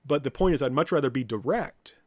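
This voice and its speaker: A man's voice: medium pitch, brisk, no room sound, clean studio sound. A man, a professor, lecturing students bluntly and directly, now and then acting out what people say. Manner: blunt, direct, with lively mock-quotes.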